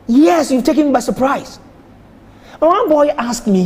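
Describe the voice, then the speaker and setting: A man's voice: very high voice, expressive, measured pace, long pauses, a little mellow, big-room sound. A man who is a guest on a TV talk show, telling stories and acting out the dialogue he quotes. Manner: storytelling, acts out quoted dialogue. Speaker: guest speaker.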